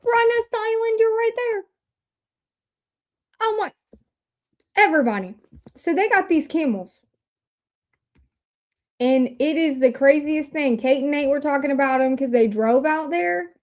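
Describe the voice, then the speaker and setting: A bubbly, excitable woman hosts a casual livestream, chatting away to her viewers. Her voice sits high and bright. She talks into a desk mic at her computer. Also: measured pace, pauses often. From Indiana, USA. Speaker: livestream host.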